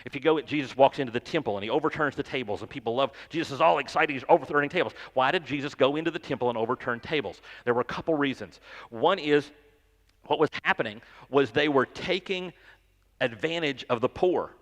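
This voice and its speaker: A man's voice: medium pitch, fast, fairly bright tone, long reverb tail. A pastor giving a sermon in a conversational, joking way, often repeating words as he goes. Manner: conversational, self-deprecating, stammers and repeats words. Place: church sanctuary.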